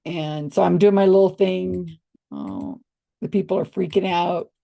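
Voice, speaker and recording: An older woman sits at home showing old photos and telling stories to the camera, chatty and often laughing as she acts out how people reacted. Her voice is on the low side and creaky, with a dark tone, fairly even intonation and a measured pace.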